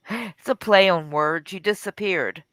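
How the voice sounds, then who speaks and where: A woman's voice: mid-range voice, fairly bright tone. A woman chatting on a video call, teasing and laughing often as she shows her digital art. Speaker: digital artist sharing her work. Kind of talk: casual chat on a call.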